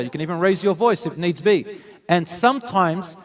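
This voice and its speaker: A man delivering a sermon in an earnest, storytelling manner. His voice sits a little higher than most men's, and he leaps up in pitch when he acts out a story. He weaves Arabic phrases into his teaching. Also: normal speed. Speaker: preacher.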